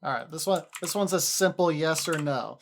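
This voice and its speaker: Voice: medium pitch, normal speed, gravelly, background noise. Rambling, self-interrupting livestreamer voice. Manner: rambling and self-interrupting, often repeating words; laughs easily, chatty. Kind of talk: casual livestream chat with viewers.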